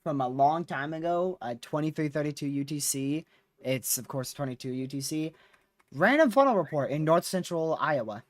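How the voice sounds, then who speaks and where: A young man hosting a live weather stream, chatting casually and excitably about storms. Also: fairly high pitch, normal speed, dry recording. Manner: excitable, laughs often, says dude and freaking. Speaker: livestream weather host. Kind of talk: casual chat while covering storms live.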